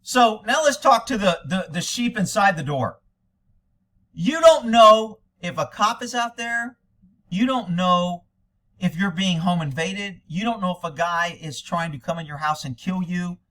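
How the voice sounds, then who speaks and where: A man's voice: high-pitched, lively intonation, measured pace, bright, forceful tone. An American man giving angry, indignant commentary over police video, ranting at length.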